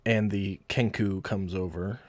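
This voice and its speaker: Man, game master, tabletop game, matter-of-fact narration, low voice, dry sound. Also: steady tone, unhurried, a little mellow, no echo.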